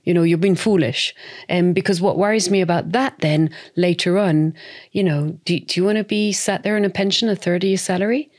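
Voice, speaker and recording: Woman in her forties, expressive, chatty podcast guest, lowish voice. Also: a little fast. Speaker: guest entrepreneur. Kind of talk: conversational podcast interview.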